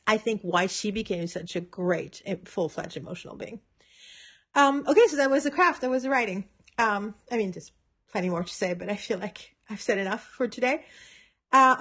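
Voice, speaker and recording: A woman hosting a solo podcast, thinking aloud in a casual, hesitant way with frequent fillers and restarts, amused by what she discusses. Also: medium pitch. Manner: amused, laughs between points. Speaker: podcast host reviewing a TV episode. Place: at home by her computer.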